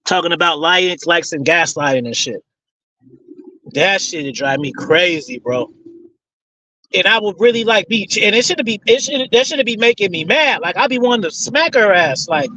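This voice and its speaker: A man's voice: high-pitched, lively intonation, normal speed, pushed and bright, low-quality recording. A man hosting a casual question-and-answer session, rambling in profane street slang. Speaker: host answering audience questions. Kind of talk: casual Q and A talk.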